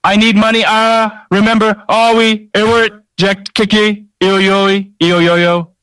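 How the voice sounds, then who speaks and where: A man playing an AI-generated voice of a young woman sobbing and begging, high and choppy. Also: level tone, measured pace, fairly bright tone, smooth, no echo. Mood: garbled sobbing.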